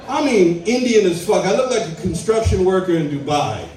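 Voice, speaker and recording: A brash, profane stand-up comic, a man from Trinidad and Tobago with a high-pitched voice. He sits a bit back from the mic, and the sound rings around a very echoey club room. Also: very animated, brisk, recorded from a distance, crowd noise. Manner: brash, profane, punchy delivery. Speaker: stand-up comedian. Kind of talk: live stand-up set. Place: comedy club stage.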